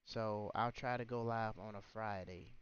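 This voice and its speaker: A man on a livestream scolds and rants with indignation, piling up rhetorical questions, yet his lowish voice keeps a measured pace and fairly even intonation. The muffled, lo-fi audio carries a little hiss or hum.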